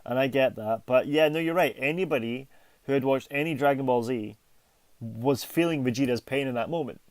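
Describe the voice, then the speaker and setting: A man co-hosting a podcast in casual chat, often laughing and bursting into animated asides. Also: medium pitch, brisk, no echo. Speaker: podcast co-host.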